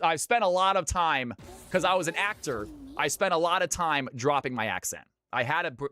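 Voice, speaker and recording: A man's voice: bright, forceful tone, slight background noise. A man from Georgia in the US, casting a live game stream with lots of energy and chatting with viewers. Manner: high-energy, hyped.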